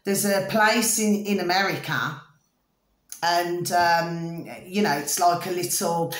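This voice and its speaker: Here a middle-aged woman with a British accent talks to her viewers in a loose, rambling vlog, repeatedly asking "do you see what I mean?" and saying "ding ding" to make sure they're following. Her lowish voice stays steady and slow, and the recording sounds roomy.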